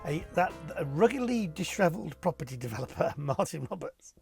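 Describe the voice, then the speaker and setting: A middle-aged man chats through viewer questions with a playful, self-mocking humour and frequent chuckles. His voice swoops up and down expressively and has a gravelly texture, while faint music plays in the background. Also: fairly high pitch, sing-song, brisk, a little mellow. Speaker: TV property presenter answering viewer questions. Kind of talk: casual chat.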